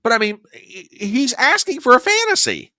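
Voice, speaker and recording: A man's voice: extremely high pitch, wildly swooping pitch, moderate pace, bright, forceful tone, no room sound, clean studio sound. A male political commentary host delivering combative, sarcastic news commentary, saying he gets worked up.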